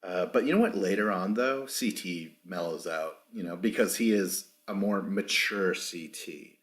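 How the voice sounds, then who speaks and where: A man's voice: low-pitched, unhurried, fairly bright tone. A man hosting a casual podcast recap without a proper microphone, rambling, swearing freely and acting out what others said. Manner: rambling, profane, acts out quotes. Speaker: podcast host.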